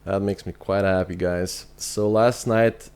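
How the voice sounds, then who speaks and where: A man's voice: deep voice, steady tone, measured pace, a little mellow, clean tone. A man with an Irish accent chatting casually on a game live stream, answering viewers and thinking aloud with fillers. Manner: reads chat messages aloud and answers viewers.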